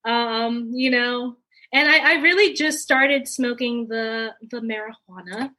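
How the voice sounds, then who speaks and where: A woman tells stories on a podcast in a loose, rambling way, stopping often for fillers and little laughs. Her voice sits high and sounds bright and clear. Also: slow. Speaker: guest comedian. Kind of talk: casual podcast storytelling.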